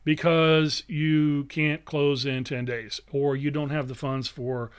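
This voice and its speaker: A man delivers a live online training session with a slightly raised pitch. He talks in an emphatic, salesy way. He keeps checking in with his listeners with a quick "okay?". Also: flat delivery, clean tone. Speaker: real estate investing coach. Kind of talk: live webinar teaching.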